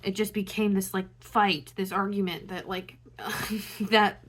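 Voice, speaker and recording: A woman's voice: medium pitch, flat delivery, a little slow, a bit bright, slight background noise. A young woman talking to camera in a loose, reflective monologue, full of fillers and restarts. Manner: meandering, many fillers like "um" and "you know". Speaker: astrology vlogger.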